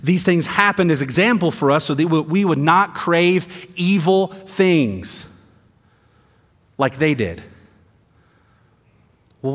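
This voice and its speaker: A male pastor delivers a sermon, dropping to quiet, deliberate points and then building in intensity, sometimes with sarcasm. His voice sits slightly high for a man. The sound rings out with the long reverb of a large church hall. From American South. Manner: swings from quiet emphasis to rising intensity, sarcastic asides.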